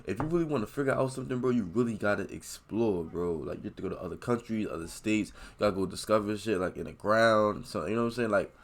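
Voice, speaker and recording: A man's voice: on the low side, quick pace, hardly any pauses. A man hosting a reaction video, talking casually in slang and saying "bro" constantly.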